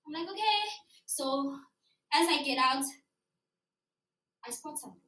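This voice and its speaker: A woman's voice: high voice, fairly even intonation, measured pace, sharp tone. A young woman from South Africa tells a personal story on stage, acting out her younger self and her teacher. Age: young adult. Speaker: student storyteller. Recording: echoey hall from far off.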